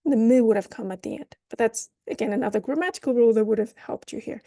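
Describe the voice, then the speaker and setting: A woman teaching a language lesson, unpacking the rules with playful metaphors. Her voice sits fairly high but has a mellow, soft-edged tone. The recording is dry and close, with no room sound. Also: no echo. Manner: explains with playful metaphors, models phrases slowly then at natural speed. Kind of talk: online lesson.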